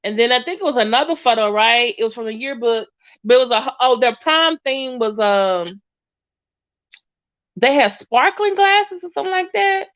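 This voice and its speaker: A woman's voice: on the high side, expressive, normal speed, fairly bright tone. A woman giving casual reaction commentary, chatty and hesitant with many fillers. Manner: chatty, hesitant, lots of ums. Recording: dull lo-fi audio.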